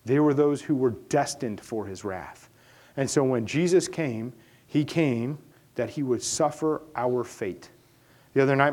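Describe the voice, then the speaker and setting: Man preaching an earnest sermon. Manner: earnest preaching that rises to loud, high emphasis. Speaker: pastor.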